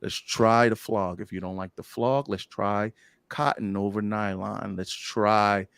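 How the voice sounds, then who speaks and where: Man, casual podcast guest, playful animated storyteller, dry mic. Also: lowish voice, unhurried, creaky, clear, resonant tone, no echo. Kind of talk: candid casual chat.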